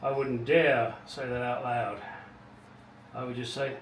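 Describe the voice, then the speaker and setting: There's little pitch movement in this middle-aged man's medium voice as he unhurriedly narrates restoring a car, rambling in a wry, casual way and muttering to himself. He's in his home garage, captured on a distant mic with echo and background noise.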